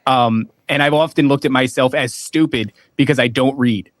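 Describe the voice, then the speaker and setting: A man's voice: medium pitch, moderate pace, dry recording. A man guesting on a podcast, talking casually and emphatically.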